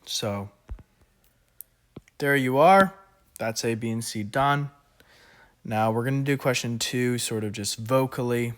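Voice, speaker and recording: A man of middle pitch tutors finance while working a problem on his tablet. He talks casually and thinks aloud, restarting and chuckling at his own slips. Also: slow, pauses often. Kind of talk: worked-example lesson. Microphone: recording at an iPad.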